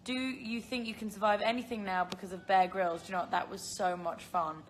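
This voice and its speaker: A woman's voice: medium pitch, fairly even intonation, a little fast, a little hiss or hum. Chatty giggly British young woman. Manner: chatty and giggly, rambling with many fillers. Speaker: live-stream host answering viewer questions. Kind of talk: casual live-stream chat.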